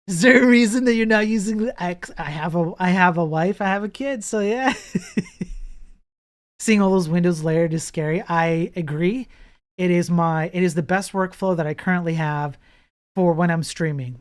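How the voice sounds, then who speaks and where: A man's voice: high-pitched, a little slow. A man chatting casually on a live coding stream, blunt and profane, laughing often.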